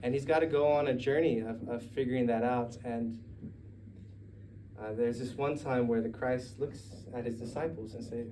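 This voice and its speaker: A man's voice: medium pitch, steady tone, moderate pace, far from the mic, noisy background. Casual, digressive male storyteller. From United States. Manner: conversational, digressive, laughing asides. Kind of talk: live storytelling retelling a gospel story. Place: live story night venue.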